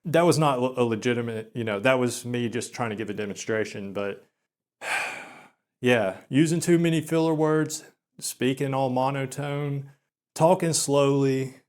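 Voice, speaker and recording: A young man, host of the channel, runs through a self-deprecating vlog monologue in a slow, flat, medium-pitched voice. He stutters briefly and leans heavily on filler words.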